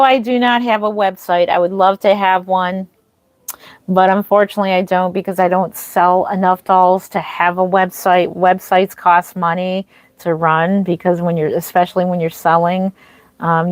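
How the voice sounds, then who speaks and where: A woman's voice: fairly low pitch, dry recording. A woman streaming live as a reborn doll artist, chatting casually, greeting viewers and answering their comments with frequent ums and restarts.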